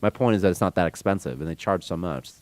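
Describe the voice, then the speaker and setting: A man's voice: sits low, quick pace, a little mellow. A man streaming game development, rambling casually with strong opinions and reading chat comments aloud. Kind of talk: casual rant on a live stream.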